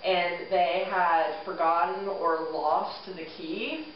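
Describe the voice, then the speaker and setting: A woman's voice: on the low side, slow. Young woman telling a hesitant story. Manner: easygoing, hesitant storyteller with fillers. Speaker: podcast co-host. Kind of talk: casual storytelling chat. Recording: echoey room, far from a lo-fi mic, faint noise.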